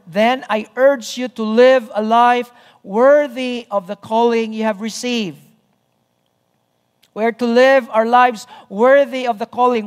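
A pastor delivers a sermon at an unhurried, measured pace. He stresses key phrases by repeating them and keeps checking in with the congregation. His voice carries a long reverb from a big church sanctuary. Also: medium pitch.

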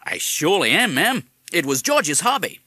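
A man's voice: fairly high pitch, very animated, moderate pace, sharp tone, husky, no room sound, studio quality, voice pushed up, exaggerated voice. A man putting on a folksy parrot. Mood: folksy, polite. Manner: folksy and courteous, drawling. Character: chatty male pet parrot, polite, food-loving.

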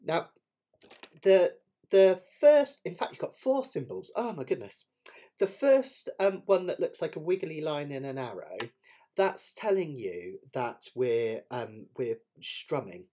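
A man's voice: a little high, sing-song, a little slow, dark tone. A man teaching a live online ukulele lesson, chatty and self-deprecating, explaining each point as he demonstrates it. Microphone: webcam setup with close camera. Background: ukulele playing.

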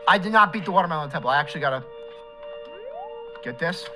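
A young man streaming a game live, talking in a loud, profane, easily enraged way. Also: fairly high pitch, lively intonation, quick pace, soft background music.

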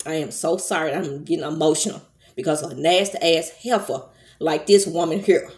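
A low-pitched middle-aged woman speaks straight into her camera in a fired-up vlog rant. Her talk is blunt and full of cursing, scolding someone directly and then checking in with her viewers. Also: moderate pace, a little mellow. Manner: heated, profane, scolding, addresses viewers as y'all. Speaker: vlogger. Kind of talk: angry commentary rant to camera.

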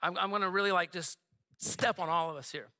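Guy pastor preaching, really high bright voice, chatty and jokey with lots of side comments. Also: a little fast. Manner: conversational and joking, with frequent asides. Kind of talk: sermon. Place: church sanctuary.

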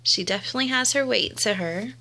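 A woman's voice: on the high side, brisk, creaky, pushed and bright. A young woman, cooing and gushing over an unboxing in casual commentary. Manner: gushing and cooing, repeats exclamations. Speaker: vlogger unboxing a doll.

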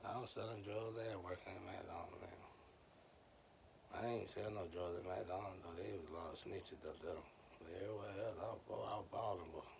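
A man's voice: low voice, steady tone, brisk, gravelly, background noise. A man telling loose, slangy stories in a rambling monologue, speaking straight to his viewers.

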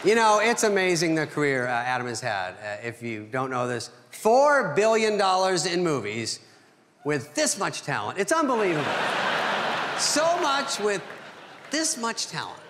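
A middle-aged man giving a dry, deadpan stand-up roast on a theater stage, pausing for his punchlines. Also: on the high side, a crowd in the background. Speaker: comedian roasting a friend. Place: theater stage at an award ceremony. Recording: reverberant hall, noisy live recording.

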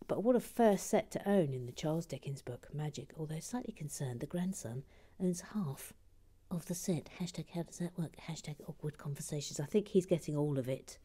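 Building while she talks, this low-voiced woman hosts a livestream and reads out messages from viewers in a relaxed, chatty way. Her delivery is gentle and self-mocking yet animated, a bit quick with few pauses and a slightly rough texture, broken up by whispered asides, "uh"s and restarts.

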